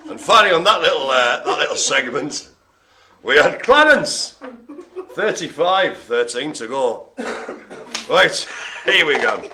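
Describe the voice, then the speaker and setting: A man's voice: on the high side, big pitch swings, a little slow, background noise. A man hosting a live bingo stream, teasing and cracking jokes. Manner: jokey, teasing banter. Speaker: bingo host.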